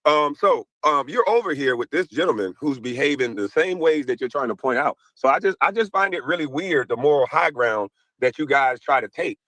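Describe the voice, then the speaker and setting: A man on an online panel calmly and persistently lecturing the hosts in a heated debate. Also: mid-range voice, brisk, few pauses, no room sound, poor audio. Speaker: panel guest.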